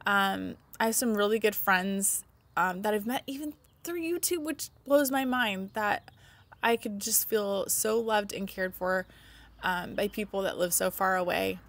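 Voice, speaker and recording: A woman's voice: mid-range voice, a little slow, a bit bright. A woman in her thirties, a mother vlogging to camera, talking in a heartfelt way, close to tears and laughing through her nerves. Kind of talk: emotional casual vlog to camera.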